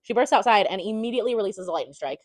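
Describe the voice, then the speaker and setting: A woman's voice: mid-range voice, animated, very fast, no room sound, clean studio sound. A woman giving a casual chapter recap as a book reviewer, chatty and profane with lots of fillers.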